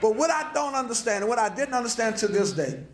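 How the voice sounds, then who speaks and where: High-voiced impassioned preacher. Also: male voice, sing-song, fast, echoey room, a crowd in the background. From New Orleans, USA. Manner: impassioned preaching with repetitions and stammered restarts. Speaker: pastor. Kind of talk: sermon lecture. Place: lecture hall.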